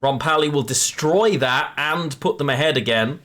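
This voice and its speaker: A man's voice: fairly high pitch, normal speed, a bit bright. A man live-streaming a card game, chatting with viewers and correcting himself as he plays. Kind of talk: live game commentary to chat.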